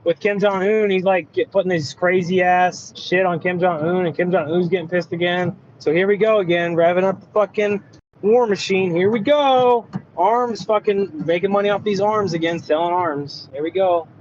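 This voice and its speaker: A man in a casual voice chat, rambling and swearing excitably while driving. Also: high voice, normal speed, muffled recording, a little hiss or hum. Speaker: voice chat participant. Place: in a moving car.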